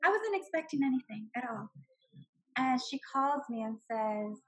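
A woman in her forties sharing an emotional personal testimony, telling it in a heartfelt, animated way. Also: sits high, moderate pace, slightly rough, highs cut off. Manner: heartfelt, animated storytelling with laughs. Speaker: guest sharing her story.

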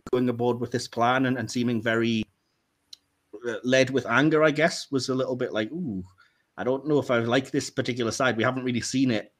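A man co-hosting a podcast in casual chat, animated and laughing often as he rants. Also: mid-range voice. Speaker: podcast co-host.

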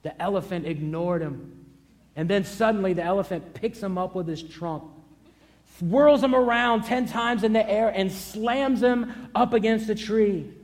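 A man with a noticeably high voice preaches a sermon as a pastor. He drives his points home through emphatic, repeated declarations, building up to each one, and stops to tell a story along the way. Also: a little slow, a little mellow.

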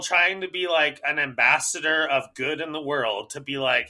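A young adult man, a podcast co-host, ranting in a casual chat, profane and animated. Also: on the high side, normal speed, few pauses.

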